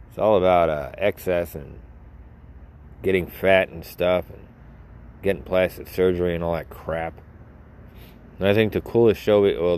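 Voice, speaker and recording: A man from Florida talks in a loose, rambling way. He leans on fillers and casual swearing. His voice sits very low. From Florida, United States. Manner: laid-back, profane, rambling with fillers.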